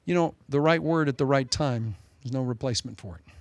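A male pastor preaching a sermon with animated, dramatic storytelling. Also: mid-range voice, fairly quick, dry recording.

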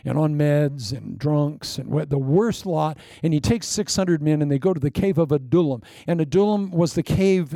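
A male pastor delivers a lively sermon, breaking into laughter and acting out little scenes along the way. His voice sits a bit high for a man, with a gravelly, mellow texture. The sound is close and dry. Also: no room sound. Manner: animated preaching with laughing asides and playacted anecdotes.

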